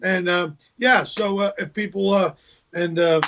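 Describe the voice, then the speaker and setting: Male comic guest, higher voice, husky, muffled call audio. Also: steady tone, a little slow, fairly bright tone, slight background noise. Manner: storytelling, acts out joke voices, repeats words. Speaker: guest comedian. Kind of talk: casual video call interview. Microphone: video call. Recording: dull lo-fi video call audio.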